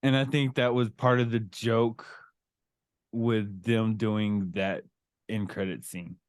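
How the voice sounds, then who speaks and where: Middle-aged male podcast host, unhurried and rambling, dry close mic. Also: lowish voice, fairly even intonation, dry recording. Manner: rambling, searching for words. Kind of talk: casual chat.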